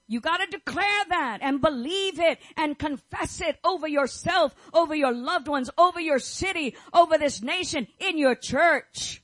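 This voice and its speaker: A woman's voice: high-pitched, normal speed, hardly any pauses, fairly bright tone, dry recording, rough recording. A middle-aged woman preaching a fervent sermon, declaring and repeating her phrases as she prays over the listeners. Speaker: pastor's wife preaching.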